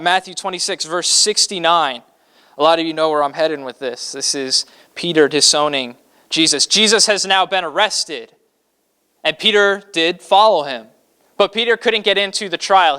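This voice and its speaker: A man's voice: on the high side, pushed and bright, clear, resonant tone. A man from Kentucky, a pastor preaching a sermon in a conversational way, full of fillers, who acts out the scripture quotes dramatically.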